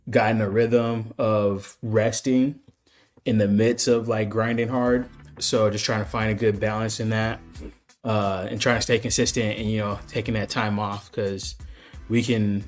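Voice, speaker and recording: Co-host, man. Low, even, flat delivery, relaxed, faint music behind. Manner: laid-back, thinking aloud with fillers. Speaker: radio show co-host. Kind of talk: casual radio show chat.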